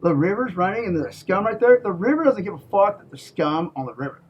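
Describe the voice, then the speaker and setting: A man with a somewhat high, husky voice rants in a profane, menacing monologue. He talks slowly and emphatically, leaning on his words and tagging his threats with a questioning "okay?". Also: big pitch swings, lo-fi sound. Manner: profane and menacing, with heavy swearing; slow, emphatic, repeats "okay?". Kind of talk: ranting monologue.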